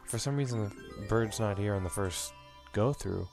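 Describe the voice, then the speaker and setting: Young man, low-pitched, rambling gameplay commentary, slightly breathless, faint game music behind. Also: normal speed, creaky, a little mellow. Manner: rambling, reminiscing, full of fillers and restarts. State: a bit out of breath. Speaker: let's play host.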